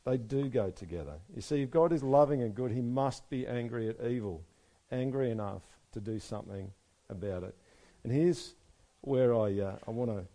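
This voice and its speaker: A man preaching a sermon, moving between soft, quiet stretches and loud, emphatic passages. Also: mid-range voice, moderate pace, few pauses. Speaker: pastor.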